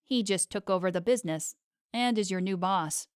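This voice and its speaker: A woman reading the part of a slightly robotic middle-aged male businessman in an audiobook, smooth and formal. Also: mid-range voice, moderate pace, dry recording, studio quality, natural voice.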